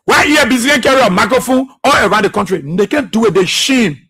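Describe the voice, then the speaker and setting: Fiery high-pitched male radio host. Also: fast, bright, forceful tone, breathy edge. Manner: impassioned, repetitive, rhetorical questions, laughs often. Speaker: radio talk show host. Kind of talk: political radio talk.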